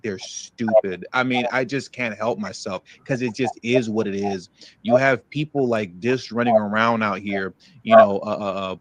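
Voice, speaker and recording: A man's voice: fairly low pitch, no echo. A man hosting a news commentary show, ranting heatedly and repeating himself for emphasis. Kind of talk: emotional commentary over played clips.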